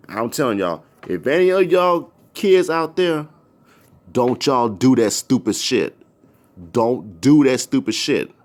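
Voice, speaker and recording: A man's voice: mid-range voice, takes it slowly, pauses often. A man telling a personal story in a casual, rambling, repetitive way. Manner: rambling, repetitive, animated retelling.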